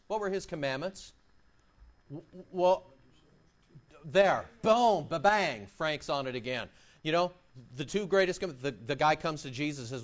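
A male pastor preaches with animated, emphatic delivery and mocking rhetorical questions. His voice sits high and swings widely in pitch. The recording sounds dull and lo-fi. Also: moderate pace. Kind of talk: sermon.

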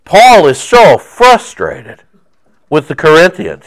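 A male pastor preaching a sermon in an animated, joking way, acting out quoted voices. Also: a little high, unhurried.

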